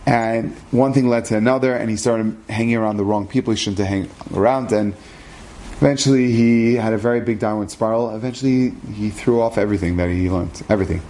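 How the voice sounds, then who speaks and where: A man's voice: lowish voice, fairly even intonation, fairly quick, mellow, slight background noise. A man telling a religious story as a lesson, earnest, acting out the dialogue and using Hebrew terms.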